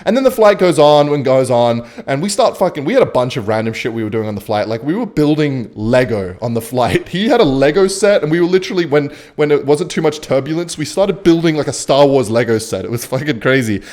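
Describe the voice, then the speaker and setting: A young man from Western Australia telling a rambling, swear-filled story while playing a game, muttering quietly about his moves. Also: mid-range voice, lively intonation, brisk, few pauses. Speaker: gaming streamer.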